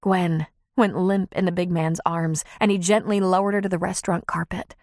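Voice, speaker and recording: A woman narrating an audiobook in an expressive, measured reading. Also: fairly low pitch, no room sound, clean studio sound. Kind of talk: scripted narration.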